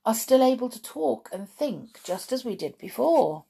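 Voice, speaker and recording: A woman's voice: a little high, sing-song, moderate pace, vocal fry, mellow, breathy edge, pitched above the performer's own voice, full character voice. A woman voicing a young boy who has been turned into a mouse, talking in an earnest, pleading way.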